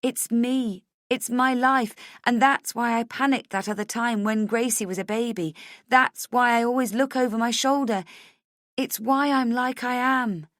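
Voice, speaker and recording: Recorded close and dry, a woman playing a frantic young wife who believes she is hunted pushes her lines high and urgent, pleading and insisting, breaking into shouts. It is an audiobook reading, intimate and tense. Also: steady tone, unhurried, no echo.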